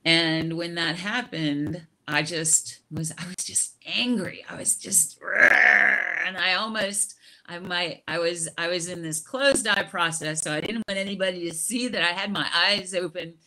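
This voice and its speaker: A middle-aged woman on a video call, sharing her personal experience slowly and reflectively, with frequent laughter and restarts. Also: on the low side, vocal fry, sharp tone.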